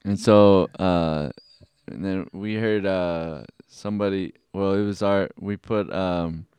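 A man with a lowish, smooth and resonant voice talks easygoingly on a podcast, pausing often on "uh" and "um". The sound is dry and close to the mic. His speech is relaxed and conversational. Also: no room sound. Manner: easygoing, halting with fillers. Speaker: podcast co-host, religious brother. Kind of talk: casual chat.

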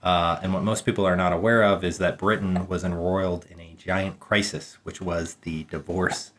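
Very deep-voiced teasing man. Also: normal speed. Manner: deadpan mock-lecturing, teasing. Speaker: podcast co-host. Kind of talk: casual book-club chat.

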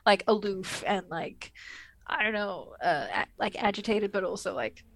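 A woman's voice: mid-range voice, expressive, moderate pace, no room sound. A woman co-hosting a podcast, chatting casually and rambling with lots of fillers and laughs. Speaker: podcast co-host. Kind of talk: casual chat.

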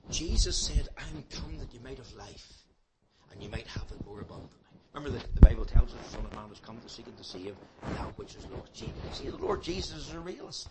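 A man preaching an evangelistic sermon, emphatic and repeating words as he builds, swinging between loud and soft passages. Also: medium pitch, expressive, a little fast. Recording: loud background noise.

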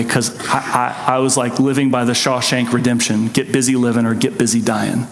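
A man's voice: medium pitch, flat delivery, moderate pace, few pauses, a little hiss or hum. A man preaching a sermon, telling his own story with earnest, emotional intensity. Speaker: pastor. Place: church sanctuary. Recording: echoey hall with long reverb.

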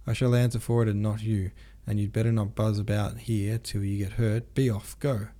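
A man's voice: fairly low pitch, level tone, normal speed, natural voice. A man doing a lisping, blustering hussar captain. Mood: angry. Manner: lisping, r sounds as w; loud, blustering. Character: hot-tempered hussar captain, middle-aged man.

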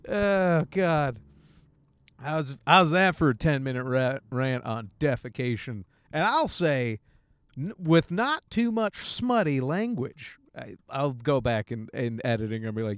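A man's voice: mid-range voice, expressive, measured pace, clean tone, no room sound. A young man hosting a casual podcast alone, telling a crude story with many jokes and laughs while driving. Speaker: podcast host. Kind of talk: casual solo rant. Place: in a car, driving.

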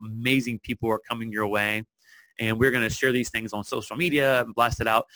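A man's voice: mid-range voice, fairly even intonation, brisk, bright, forceful tone, no echo, poor audio. A man hosting his own podcast, talking earnestly and encouragingly to his listeners and repeating lines for emphasis. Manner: speaks directly to listeners. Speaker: podcast host. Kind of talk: solo podcast monologue.

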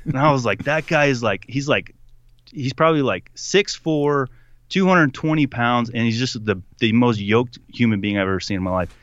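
A young man telling a story in casual conversation, animated, putting on voices for the people he quotes and laughing often. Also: mid-range voice, normal speed, dry recording, dull audio. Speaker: podcast guest.

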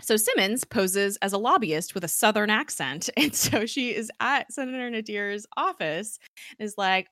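A woman casually recapping a TV episode as a podcast co-host, animated and laughing often as she acts out the characters' lines. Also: mid-range voice, normal speed, dry recording, studio quality. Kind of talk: casual chat.

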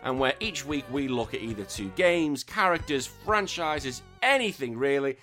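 Bright-voiced man ranting. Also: mid-range voice, expressive, moderate pace, soft background music. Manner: exasperated, ranting, sweary. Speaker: podcast host. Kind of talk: casual podcast commentary.

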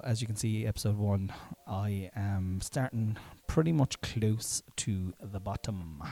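A man's voice: on the low side, mellow. Middle-aged man hosting a rambling podcast. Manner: rambling, self-mocking, many fillers. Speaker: podcast host and stand-up comedian. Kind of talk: casual podcast chat and mic tests. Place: room at home.

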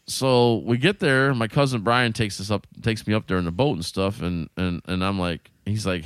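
A man's voice: on the low side, moderate pace, few pauses, smooth, no room sound. A man casually telling a long story, swearing freely and acting out what each person said. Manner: animated, profane, acts out quotes.

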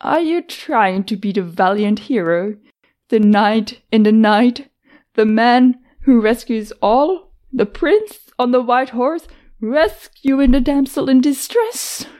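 A woman voicing a brave, guarded young woman who rescues people, sarcastic and quick with retorts. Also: mid-range voice, expressive, close to an everyday voice. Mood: mocking.

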